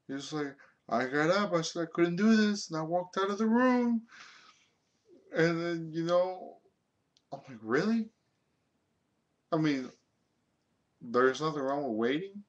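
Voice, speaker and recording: A man's voice: medium pitch, a little slow, pauses often. A young man telling a story from his own life in a rambling, casual way, full of filler words and swearing.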